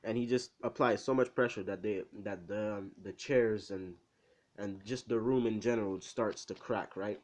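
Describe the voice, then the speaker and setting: A man's voice: fairly low pitch, moderate pace, a little mellow. Rambling young man telling a fan story. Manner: rambling, full of fillers and "right?" asides. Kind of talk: casual improvised fan-story narration.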